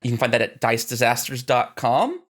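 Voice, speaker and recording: A woman's voice: a bass voice, sing-song, moderate pace, breathy edge. An upbeat woman hosts a casual podcast segment. She sounds bubbly and friendly and laughs easily between lines. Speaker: podcast co-host. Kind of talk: casual chat.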